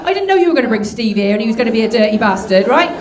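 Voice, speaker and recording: A woman's voice: on the high side, very animated, rapid-fire, background noise. A woman doing stand-up crowd work, cheeky and teasing as she chats with the audience. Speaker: stand-up comedian. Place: comedy club stage. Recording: echoey live club with crowd.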